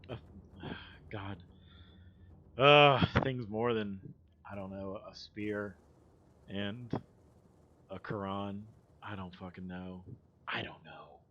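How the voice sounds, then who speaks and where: A man's voice: fairly low pitch, fairly bright tone, slight background noise. Guy streaming and rambling about work stories, swears a lot, kinda muffled audio. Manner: rambling, profane, laughing asides. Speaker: livestream host. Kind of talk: casual storytelling chat.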